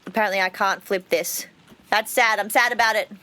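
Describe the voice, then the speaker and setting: A woman's voice: medium pitch, fairly even intonation, a little fast, sharp tone. A woman streamer chatting casually while playing a game, reading its text aloud with playful asides.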